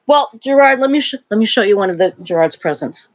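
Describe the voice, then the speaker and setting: An older woman talks in a loose, rambling way as she hosts a live stream from home, laughing often between thoughts. Her pitch jumps up and down freely. The sound is dull and lo-fi, like audio from a live stream. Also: lively intonation, fast. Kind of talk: casual live-stream chat. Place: home, near a wood stove.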